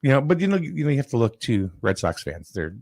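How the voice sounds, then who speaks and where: A man casually chatting and telling a story with lively energy, acting out the people in it. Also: medium pitch, quick pace, no echo, studio quality. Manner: animated storyteller, acts out quoted people loudly.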